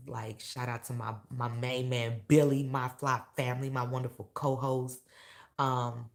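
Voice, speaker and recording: A woman talking candidly to her viewers in a casual vlog, emotional and blunt, swearing freely and working herself up into loud rants. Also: very deep voice, creaky. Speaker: vlogger and awards show host. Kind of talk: casual direct-to-camera vlog.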